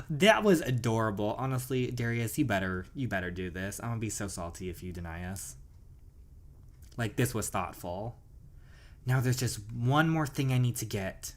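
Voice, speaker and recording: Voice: medium pitch, lively intonation, normal speed. A channel host giving a chatty, gushing commentary while playing a romance story game.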